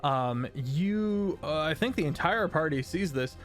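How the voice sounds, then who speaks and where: A man narrating a tabletop game as game master, unhurried and full of fillers. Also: fairly high pitch, animated. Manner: unhurried, hesitant with many fillers.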